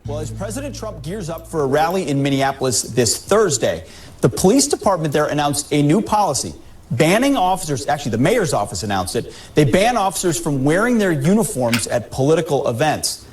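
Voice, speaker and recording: A man reading a news report in a brisk, informative way. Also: on the high side, sing-song, darkish tone.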